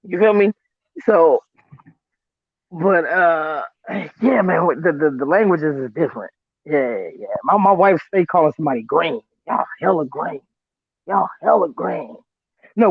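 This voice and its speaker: A man's voice: fairly high pitch, normal speed, no room sound. A man from California, co-hosting a casual live show, telling stories animatedly and acting out the voices of other people. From Northern California. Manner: animated storyteller, acts out quotes, swears freely. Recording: tinny phone-like line.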